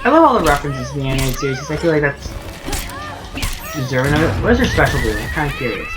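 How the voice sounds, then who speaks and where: Chatty low-voiced woman commenting on gameplay. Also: big pitch swings, rapid-fire. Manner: chatty, opinionated, many fillers. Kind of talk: casual let's-play commentary. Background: game music.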